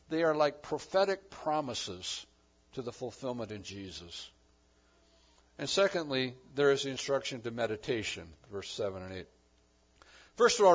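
A man preaching a sermon, swinging between loud emphasis and quiet asides. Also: on the high side, highs cut off. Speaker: pastor.

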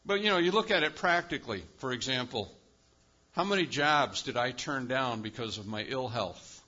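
A male pastor preaching a sermon with emphatic delivery, swinging between loud, high-pitched bursts and quiet, low drops. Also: lively intonation, moderate pace, lo-fi sound. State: lives with chronic pain.

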